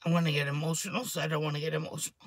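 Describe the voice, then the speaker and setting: A woman, rambling excitedly and swearing freely in a casual chat to camera, her voice a little hoarse. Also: deep voice, racing, no room sound. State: hoarse throat. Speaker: vlogger.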